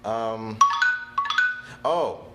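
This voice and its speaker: A man's voice: on the low side, expressive, drawn-out words, roomy sound, over loud music. A man teaching on a casual livestream, chatty and laid-back, laughing often and apologizing freely. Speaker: percussion instructor on a livestream.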